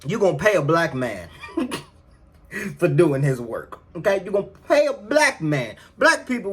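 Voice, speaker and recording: Animated man, wild pitch swings. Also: unhurried. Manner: loud, animated, swings from low mutter to high shouts. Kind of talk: casual comedic chat.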